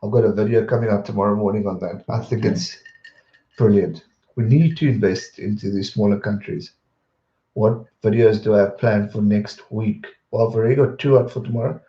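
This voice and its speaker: A man hosting a livestream, casually chatting and answering viewers' questions with a rambling, relaxed manner. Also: on the low side, brisk, reverberant, highs cut off. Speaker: livestream host.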